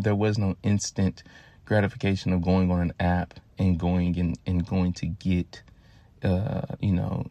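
Gravelly low-voiced man telling stories. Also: no echo. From Louisiana, US. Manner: profane, animated, addresses listeners directly. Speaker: podcast host. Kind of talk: casual storytelling monologue.

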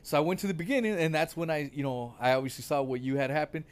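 High-voiced indignant man. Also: fast. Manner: indignant, swearing, lots of fillers. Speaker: guest on a livestream. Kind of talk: casual chat.

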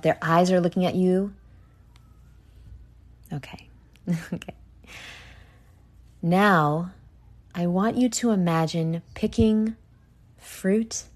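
A young woman hosting a solo podcast, ranting with heavy profanity and swinging between hushed asides and loud outbursts. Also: lowish voice. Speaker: podcast host.

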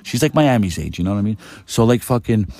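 Male podcast host, casual storyteller: low, mellow voice, profane and rambling, dry close sound. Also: animated, quick pace, dry recording.

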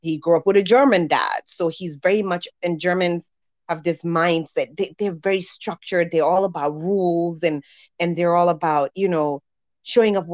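A woman with a somewhat low voice chats easily about family life. She is animated and breaks into laughing asides. The sound is dry and close, with no room echo. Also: normal speed. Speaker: parent sharing experiences. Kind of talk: casual podcast chat.

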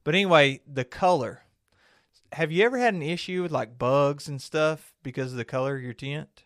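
A man's voice: on the high side, normal speed, a bit bright, dry recording. A man with a slightly raised voice, chatting loosely on a podcast. He rambles through his stories and laughs easily. The sound is close and dry, with no room around it. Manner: rambling storyteller, laughs often. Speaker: podcast co-host. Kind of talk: casual chat.

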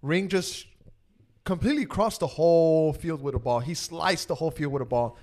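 A man hosting a casual soccer podcast, animated and leading the talk with casual swearing. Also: on the high side, normal speed. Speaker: podcast host. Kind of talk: casual sports chat.

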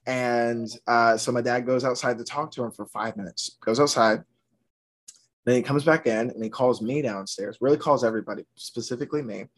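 A man's voice: medium pitch, fairly quick. A young man from Georgia telling a comedic story as a podcast guest, acting out the people in it. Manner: animated, acts out the people in his story.

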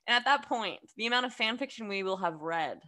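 Bright-voiced young woman chatting on a podcast. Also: on the high side, expressive. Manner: chatty, lots of "like" fillers, quick laughs. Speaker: podcast co-host. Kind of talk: casual chat.

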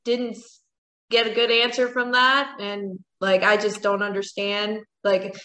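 A woman's voice: medium pitch, little pitch movement, unhurried, bright, forceful tone, low-quality recording. A woman co-hosting a casual podcast chat, teasing with wry asides. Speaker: podcast co-host.

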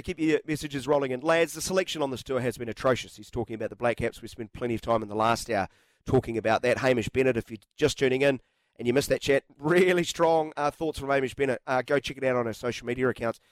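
A male sports radio host talks in a relaxed, bantering way, needling his co-host. His voice sits at a middle pitch and sounds close and dry, with no room around it. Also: quick pace, no echo. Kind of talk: casual sports radio chat. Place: radio studio.

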